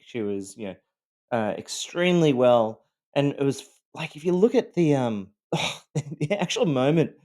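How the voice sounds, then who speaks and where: A man's voice: mid-range voice, a little mellow, smooth. A man with an Australian accent, telling his own story in a loosely scripted monologue, rambling with many ums and a wry, self-deprecating edge.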